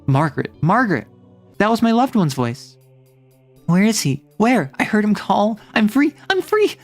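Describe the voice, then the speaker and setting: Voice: mid-range voice, sing-song, normal speed, soft background music, voice pushed up. A streamer voicing a doomed young woman who pleads anguished verse from a prison cell, in a dramatic reading of a classic play. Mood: frantic.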